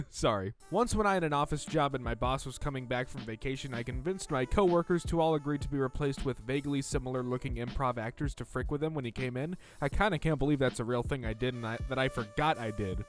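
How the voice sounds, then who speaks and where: A man reading stories aloud and reacting with sarcastic, deadpan debunking. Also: medium pitch. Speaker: reader and commentator.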